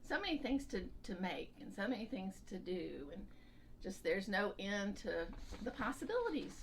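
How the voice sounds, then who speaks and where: Bubbly woman with a lively voice. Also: mid-range voice, normal speed, a little hiss or hum. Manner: bubbly, laughs often. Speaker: co-host. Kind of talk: casual chat.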